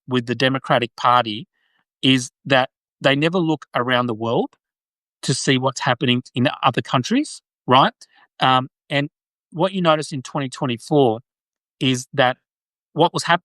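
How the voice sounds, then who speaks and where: This livestream host, Australian-accented, talks politics in a talkative, casual way, frequently adding "right?" and restarting. His medium-pitched voice is a bit bright, with no room sound, and the recording is low quality.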